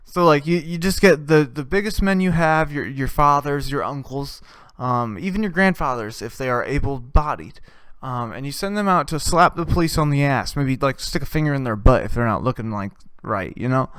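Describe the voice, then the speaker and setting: Smooth-voiced man rambling crude jokes. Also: mid-range voice, normal speed, a bit bright, no echo. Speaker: host. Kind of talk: comedic monologue.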